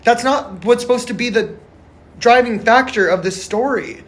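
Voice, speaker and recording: Talking to camera about a film, this male vlogger goes on a passionate, frustrated rant that's rambling, emphatic and full of swearing. He's restless, with a very high, fairly bright voice at a moderate pace.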